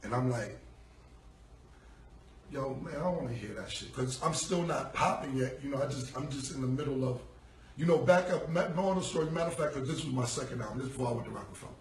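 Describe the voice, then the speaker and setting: A man's voice: mid-range voice, quick pace, slight background noise. A man casually telling a long story from his past in loose, profane street slang, acting out what people said. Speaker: rapper telling a story on a live stream. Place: room, streaming from a phone. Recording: echoey phone audio from a distance.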